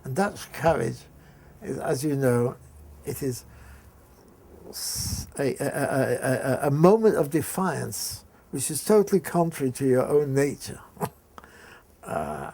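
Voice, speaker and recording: Older english-raised guy telling an old story, gravelly voice, stops and restarts a lot. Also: mid-range voice, very animated, dark tone. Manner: halting storytelling with frequent restarts. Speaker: interviewee. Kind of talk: recounting a memory in an interview. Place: indoor room.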